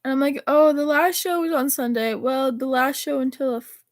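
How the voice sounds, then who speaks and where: Teen girl rambling thru old texts, high voice, dry close sound. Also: steady tone, moderate pace, dry recording. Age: teens. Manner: rambling, chatty, self-correcting. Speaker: vlogger. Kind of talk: casual chat reading texts aloud.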